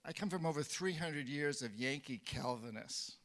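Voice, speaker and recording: An older man in his seventies lectures to a live audience, spinning a personal story with wry, self-deprecating humor. His voice sits a little higher than most men's. He breaks into small chuckles at his own punchlines. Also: normal speed, fairly bright tone. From New Hampshire, USA. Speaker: conference speaker.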